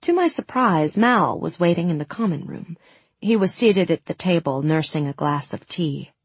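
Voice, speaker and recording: Low husky woman narrating an audiobook. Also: no echo. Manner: measured, voices characters' lines with heat. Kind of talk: first-person fantasy audiobook narration.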